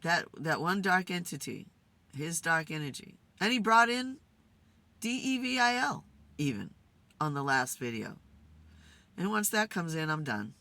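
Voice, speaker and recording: Gravelly, bright-toned woman talking to spirits. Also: sing-song, normal speed, dry recording. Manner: musing, low-energy, talks to spirits directly. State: tired, yawning. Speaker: spirit communicator and channel host. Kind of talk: casual spirit session monologue. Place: in a car.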